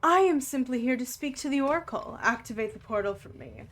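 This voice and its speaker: A woman's voice: high voice, expressive, brisk, fairly bright tone. A woman voicing an arrogant, commanding stranger in a tabletop game who looks down on everyone. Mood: haughty. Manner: haughty, commanding. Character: arrogant, imperious woman demanding entry.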